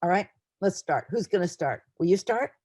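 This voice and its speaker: A woman's voice: fairly low pitch, expressive, normal speed, a little mellow, slightly rough, no echo, clean studio sound. A middle-aged woman teaching an online class in an earnest, emotional way, often repeating words. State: near tears.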